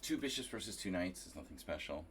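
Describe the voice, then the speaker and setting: A New Jersey man streams his chess game, thinking out loud and chatting casually with viewers as he plays. His low voice is expressive and fast with a fairly bright tone, over slight background noise.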